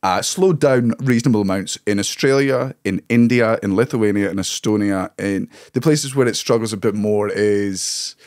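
A man's voice: lowish voice, normal speed, hardly any pauses, darkish tone, no room sound, studio quality. A Scottish man with a Caithness accent, a comedian guest on a podcast telling stories in casual, swear-filled chat and laughing through them. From Scotland.

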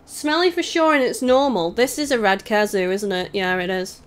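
A woman's voice: mid-range voice, moderate pace, soft background music. A young English woman with a mixed Scouse, Welsh and English accent, giggling and chatting through live game commentary while reading viewer messages. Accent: mix of Scouse, Welsh and English. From England. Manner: chatty, giggly, reads chat aloud. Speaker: gaming streamer. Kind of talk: live let's-play commentary. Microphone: desk microphone.

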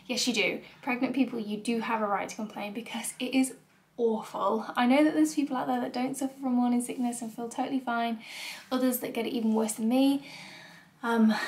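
A woman's voice: a little high, slight background noise. A young woman from the UK vlogging casually about her pregnancy, chatty, emotional and candid, with many ums and small laughs, while feeling nauseous and unwell. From United Kingdom.

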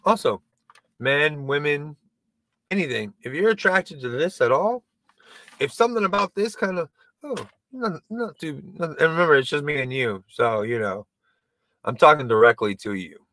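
A male comedian talks straight to the camera in a loose, rambling monologue. He keeps mocking himself, swears freely and trips over his restarts. His voice is bright and fairly high for a man, and the sound is dry and close. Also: expressive, moderate pace, no echo. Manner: rambling, self-deprecating, profane, with many stumbles and restarts. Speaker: comedian and video creator. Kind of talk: casual stand-up monologue to camera.

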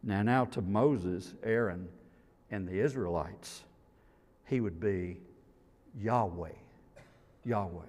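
Man, pastor, sermon, slow delivery, dynamic swells and hushes, long church reverb. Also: on the low side. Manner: slow, emphatic preaching that swells loud and drops to near hush. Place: church sanctuary.

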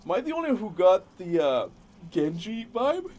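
A man streaming a video game, chatting casually and excitably as he plays, with the odd swear. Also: high-pitched, fast talker. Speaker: gaming streamer. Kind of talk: casual live gameplay commentary.

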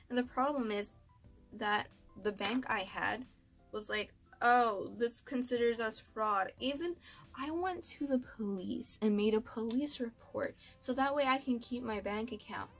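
A young woman telling a story in casual chat, slangy and filled with "like," swearing freely. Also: mid-range voice. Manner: slangy, swears, many likes. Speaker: beauty vlogger.

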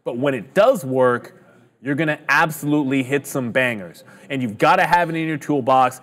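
A man's voice: mid-range voice, moderate pace, fairly bright tone. A man giving a trading lesson in an emphatic, instructive way. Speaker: trading educator.

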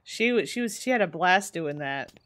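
A woman casually commenting on a life simulation game as she plays, chatty and excitable, laughing often. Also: lowish voice, normal speed. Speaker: streamer. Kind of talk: casual let's-play commentary.

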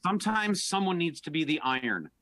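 An older man acting as game master in an improvised comedy scene over a video call, with a dry, deadpan delivery. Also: a little high, brisk.

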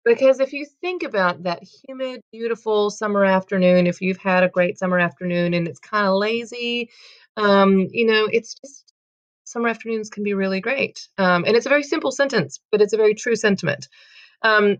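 A woman's voice: medium pitch, normal speed, highs cut off. A woman teaching a casual poetry lesson, talking in a chatty, filler-heavy way and correcting herself as she goes.

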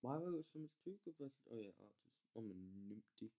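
A gamer commentating live gameplay, excitable, yelling at troops, swearing and mocking themself. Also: mid-range voice, fast, muffled recording. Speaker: game channel host.

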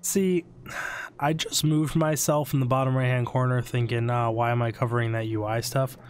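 A man's voice: mid-range voice, steady tone, normal speed. A young man hosting a gaming channel while sick and losing his voice, rambling casually to his viewers in a self-deprecating way. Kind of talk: casual gameplay commentary.

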